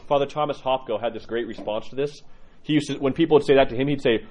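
A man preaching a conversational sermon as an Orthodox priest, telling stories and acting out quoted lines with animated swings. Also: very fast, highs cut off. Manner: animated storytelling, acts out quotes with rising pitch.

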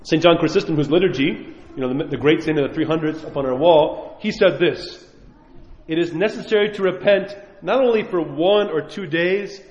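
A man's voice: on the high side, fairly quick, darkish tone. A man preaching a sermon as a priest, earnest and pleading, with a chuckle now and then. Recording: muffled echoey hall recording.

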